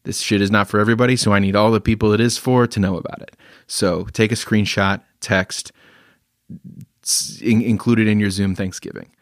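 A man's voice: fairly low pitch, fairly even intonation, a little fast, no echo, studio quality. A man hosting a podcast, with a laid-back, casual way of talking and casual swearing. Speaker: podcast host. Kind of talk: casual chat.

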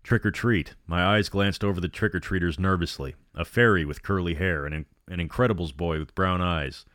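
A man with a very deep voice narrates a horror story, breaking off now and then for a sardonic aside. The recording is dry and close, with no room sound around him. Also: brisk, fairly bright tone, dry recording. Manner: sardonic asides between reading.

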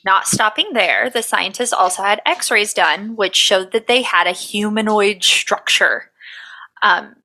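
A woman's voice: mid-range voice, unhurried, sharp tone, poor audio. A woman co-hosting a casual podcast, reading her research notes aloud with profane, jokey asides. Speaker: podcast co-host.

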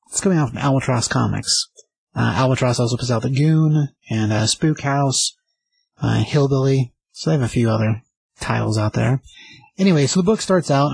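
Husky man rambling through a comic recap. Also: medium pitch, darkish tone, dry recording, rough recording. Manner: rambling, enthusiastic summary with fillers. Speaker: comic book reviewer. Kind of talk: casual review chat.

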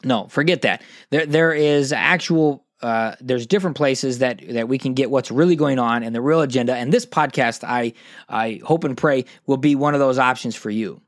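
A man's voice: medium pitch, moderate pace, no echo, studio quality. A man, hosting a podcast monologue in a passionate, preachy way, often restarting his sentences. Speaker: podcast host.

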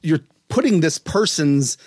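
A man's voice: fairly high pitch, animated, a little slow, darkish tone, slightly rough, no room sound, studio quality. A man from West Virginia hosting a podcast in casual chat, amused and rambling, with frequent restarts. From West Virginia, USA. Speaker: podcast host.

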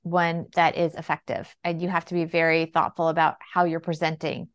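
Woman telling lively parenting anecdotes. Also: low-pitched, moderate pace. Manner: animated, acts out quoted dialogue. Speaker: guest, financial planner. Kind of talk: conversational storytelling. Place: lives in New York City.

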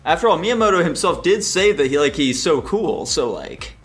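A man hosting a casual podcast over an online voice call, animated, swearing freely and throwing questions to his friends. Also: fairly high pitch, normal speed, faint music behind. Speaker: podcast host. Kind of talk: casual chat.

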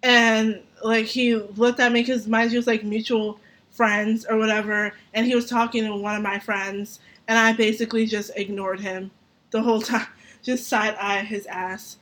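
A young adult woman tells a story on her podcast in a loose, conversational way. She swears freely, laughs often and gets animated as she goes, with a voice that sits a touch higher than most. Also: normal speed. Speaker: podcast host. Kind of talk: casual storytelling.

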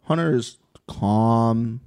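Animated man recapping a show. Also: mid-range voice, very slow, clear, resonant tone. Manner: animated recapping with acted-out quotes. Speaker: podcast host. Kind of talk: casual podcast chat.

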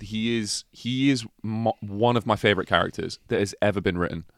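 Male podcast co-host: smooth, low-ish voice, dry sound, enthusiastic and sweary. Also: brisk, no echo. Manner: enthusiastic, sweary, emphatic lists. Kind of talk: casual film discussion.

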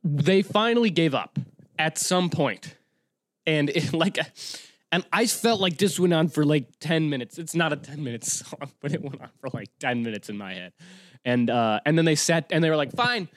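A male podcast host telling a rambling, self-mocking story at home, swearing freely and breaking into loud yelled impressions. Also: expressive, normal speed, no echo, studio quality. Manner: bursts into loud high-pitched yelling for impressions. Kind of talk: casual solo storytelling. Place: home room.

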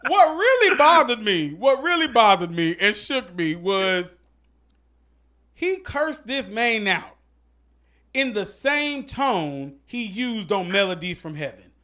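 Woman, podcast co-host, slow unhurried delivery, lively swoops, playful quoting. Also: medium pitch. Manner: laughing often, animated, acts out quotes. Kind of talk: casual comedic chat.

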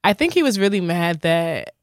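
A woman co-hosting a podcast in casual chat, giving quick, opinionated reactions. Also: fairly low pitch, big pitch swings, no room sound, clean studio sound. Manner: quick, opinionated, blunt commentary. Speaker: podcast co-host.

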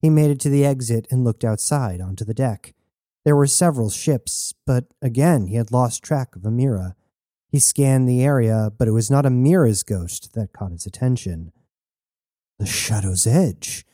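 In a clean, dry studio recording, a man with a mid-range voice narrates a novel for an audiobook. The scripted reading proceeds at a moderate pace in a steady, storytelling style.

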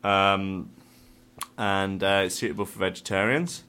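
Bright-voiced man hosting comedy chat. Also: sits low, steady tone, measured pace, clean tone. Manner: giggly, playful. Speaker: podcast host.

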